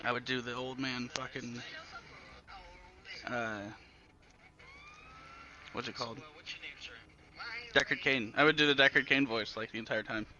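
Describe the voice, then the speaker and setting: A man's voice: medium pitch, steady tone, measured pace, pauses often, dull audio. A man chatting casually while playing a video game, laughing often and swearing freely as he tells stories. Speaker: gaming channel co-host. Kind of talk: casual let's-play chat.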